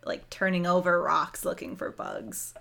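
A woman's voice: lowish voice, fairly even intonation, a little slow, vocal fry, a bit bright. A woman player in casual podcast chat, hesitant and full of fillers, giggling now and then.

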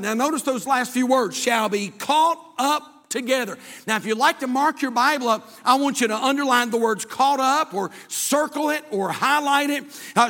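A man's voice: extremely high pitch, moderate pace, hardly any pauses, pushed and bright, long reverb tail. An older man preaching a sermon as pastor in a church, folksy and emphatic, repeating his key phrases. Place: church sanctuary.

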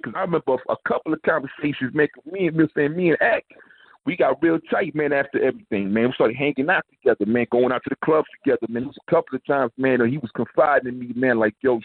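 Phone-in guest: New man, husky voice, tinny line, laid-back storytelling. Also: on the high side, no room sound. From New York. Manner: laid-back, fills lines with "man" and "you know what I'm saying". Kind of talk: casual storytelling.

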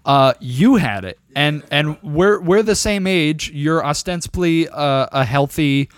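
A young man co-hosting a podcast, telling a long, profane, animated story in casual chat. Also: on the high side, a little slow, no echo. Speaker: podcast co-host.

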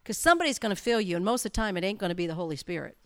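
A woman's voice: medium pitch, racing, no room sound, studio quality. A woman leading a church group, teaching in an informal talk and acting out her own stories. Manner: animated storytelling, acts out her own inner voice. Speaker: church leader.

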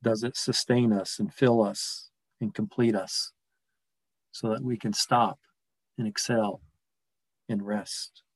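Soft-spoken reflective male preacher. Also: lowish voice, fairly even intonation, dry recording, rough recording. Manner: gentle, reflective, slows and softens on key words. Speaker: pastor. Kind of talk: sermon.

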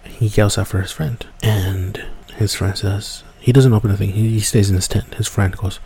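A man casually telling a spooky woods story, rambling and dropping to hushed whispers at tense moments. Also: lowish voice, normal speed, gravelly, husky. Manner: relaxed, rambling, drops to hushed whispers for tension. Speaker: podcast storyteller.

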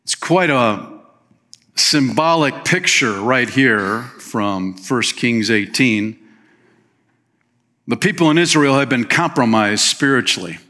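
A male pastor preaching a sermon, reading scripture aloud and commenting with lively emphasis in a folksy way. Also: medium pitch, takes it slowly. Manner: folksy, uses fillers and plain phrases.

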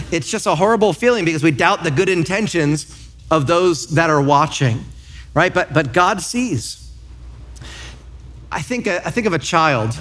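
A man in his thirties, a pastor preaching a sermon in church, telling lively stories and acting out quotes. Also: sits high. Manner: lively storytelling with acted-out quotes.

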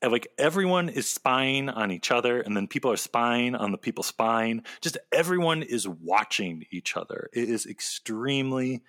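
A man co-hosting a casual podcast, chatting animatedly in quick bursts and laughing often. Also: medium pitch, expressive, a bit bright, no room sound, studio quality. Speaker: podcast co-host. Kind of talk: casual chat recapping a TV episode.

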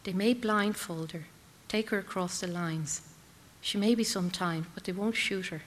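A woman reading literary prose aloud in measured, intense, clipped phrases. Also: medium pitch, big-room sound. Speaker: reader.

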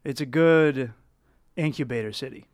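A man from South Boston talks with a thick Boston accent. He tells stories in a wry, self-deprecating way. His voice is recorded close and dry, with a middle pitch. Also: normal speed, no room sound. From South Boston, USA. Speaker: comedian guest. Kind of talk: casual podcast chat.

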